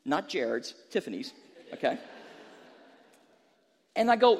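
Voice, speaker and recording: Guy preaching, light funny storytelling then emphatic, high-ish voice, big echoey hall. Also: expressive, measured pace, pauses often. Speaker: pastor. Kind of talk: sermon.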